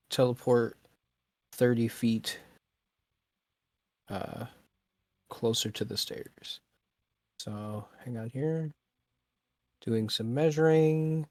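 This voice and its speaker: A man playing a tabletop game, describing his character's moves in a deliberate way and thinking aloud while he plans. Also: medium pitch, darkish tone, no echo. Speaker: player.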